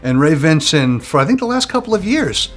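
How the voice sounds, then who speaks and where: A man's voice: fairly high pitch, big pitch swings, fairly quick. Eager man speaking in an interview. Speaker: charity team organizer.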